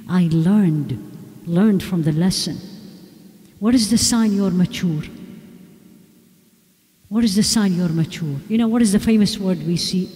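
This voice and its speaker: A woman lectures in a large hall, her mellow, dark-toned voice ringing with long reverb. She speaks emphatically and keeps putting questions to her listeners, often repeating them. It is a religious talk aimed at the women in the room. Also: lowish voice.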